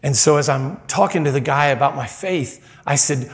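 A man preaching a sermon in a church, telling stories animatedly and jumping higher in pitch when he quotes people. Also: normal speed, hardly any pauses. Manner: animated storyteller, voice jumps high when quoting people. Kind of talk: sermon with storytelling.

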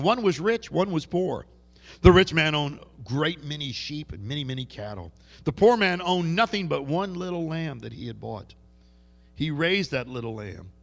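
A man's voice: on the high side, expressive, normal speed, gravelly. A man doing a prophet with a brogue. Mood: storytelling. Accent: put-on Jewish brogue. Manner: storytelling, emphatic. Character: old male prophet telling a parable. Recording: long reverb of a large hall.

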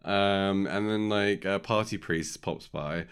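A deep-voiced man chats casually as a podcast co-host. He rambles and jokes, filling gaps with plenty of ums. His voice is smooth and clear. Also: slow pace. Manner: rambling, filler-heavy, jokey. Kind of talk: casual chat recapping a film.

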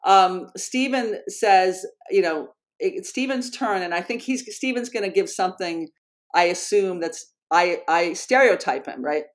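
A woman educator speaking in an interview, earnest and animated, often correcting herself mid-sentence. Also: lowish voice, unhurried. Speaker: educator and program founder. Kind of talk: conversational interview storytelling.

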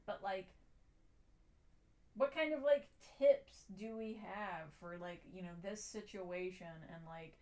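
A woman's voice: mid-range voice, slow pace. Easygoing woman co-hosting a chat podcast. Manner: relaxed, many "like" fillers, steers the topic. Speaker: podcast co-host. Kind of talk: casual chat.

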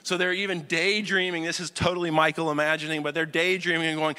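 A male pastor preaching a conversational sermon, often checking "you follow me?", swinging between loud emphasis and hushed intensity. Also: sits high, normal speed, few pauses, clear, resonant tone. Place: church auditorium. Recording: long reverb of a large hall.

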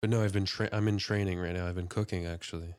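A man's voice: deep voice, steady tone, quick pace, darkish tone, no echo, clean studio sound. A man in a casual podcast chat, laid-back and laughing easily, swearing casually.

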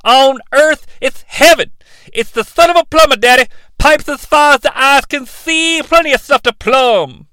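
A man putting on a boisterous wrestling-legend commentator voice who shouts catchphrases and calls people baby and daddy. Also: very high voice, normal speed, dry recording, pitched above the performer's own voice. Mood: hyped, boastful.

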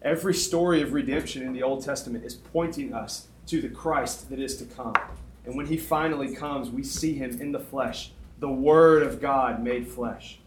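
A middle-aged man preaching as a youth pastor, animated and conversational, often checking in with "okay?". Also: mid-range voice, moderate pace, a little hiss or hum. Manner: animated, conversational, self-deprecating, frequent "okay?". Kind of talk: sermon. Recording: echoey room.

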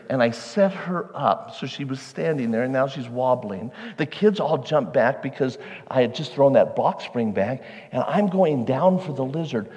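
Animated storytelling preacher in a hall. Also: male voice, mid-range voice, highs cut off. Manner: animated, conversational, self-deprecating. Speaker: pastor. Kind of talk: sermon storytelling. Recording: long hall reverb.

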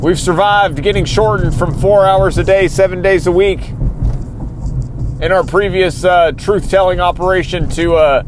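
A man hosting a podcast in a rambling, halting mock-conspiracy rant, recorded inside a truck on a morning drive. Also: sits high, noisy background. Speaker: podcast host.

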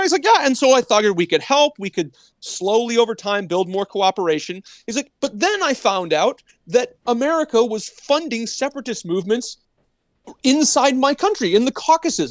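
A man with a notably high-pitched voice talks through political commentary in a loose, rambling way. He keeps restarting his sentences and breaking into quoted asides. The recording is dry and close, with no room sound. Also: no echo.

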